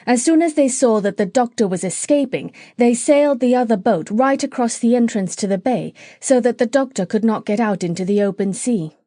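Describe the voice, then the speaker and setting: A woman narrating a children's classic audiobook in a clear, steady reading voice. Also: fairly high pitch, brisk, few pauses, dry recording, clean studio sound. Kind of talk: storybook narration.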